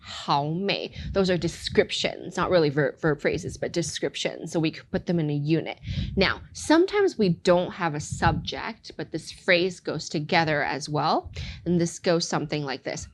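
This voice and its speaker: A woman teaching Mandarin tones in a podcast lesson, playful and quick to laugh, saying phrases slowly for practice. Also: low-pitched, animated, slight background noise.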